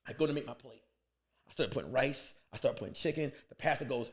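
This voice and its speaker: A man from Queens, New York, a guest comedian, telling a lively comic story on a podcast and acting out other people's voices. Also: mid-range voice, quick pace.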